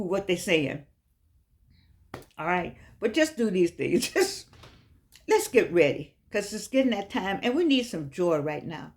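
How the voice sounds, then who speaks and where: A woman vlogging in a casual, meandering monologue that often circles back and repeats itself. Some of her words come out slightly slurred because of missing teeth. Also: lowish voice. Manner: chatty, meandering, repeats herself.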